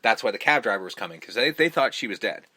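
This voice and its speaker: A man's voice: fairly low pitch, fast, no echo. A man co-hosting a movie podcast in casual chat, swearing a lot and acting out scenes in voices. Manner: profane, animated, acts out scenes in voices. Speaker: podcast co-host.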